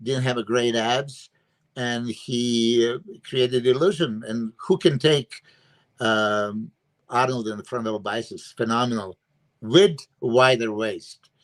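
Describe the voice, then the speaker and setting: A man's voice: medium pitch, slow. Casting: emphatic guest coach, man, lots of "you know" and "uh", opinionated podcast talk over a video call. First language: Serbian. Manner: emphatic, filler-heavy, opinionated. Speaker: bodybuilding coach and guest analyst. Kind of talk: casual podcast chat.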